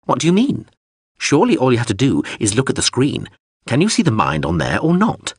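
A male audiobook narrator voicing a touchy, sarcastic floating drone that whines and leaps up in pitch. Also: wildly swooping pitch, fairly quick, breathy edge, no room sound, studio quality. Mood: peevish sarcastic. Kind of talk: audiobook character voice.

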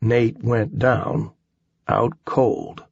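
Gravelly, slow male audiobook narrator. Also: medium pitch, steady tone, no room sound, muffled recording. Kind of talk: first-person audiobook narration.

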